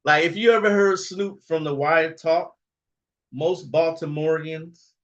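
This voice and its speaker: A man's voice: a little high, steady tone, measured pace, lo-fi sound. A man hosting a livestream in casual, rambling talk, chuckling often and tagging lines with "okay?" and "all right?". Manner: rambling, frequent chuckles, tag questions. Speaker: livestream host.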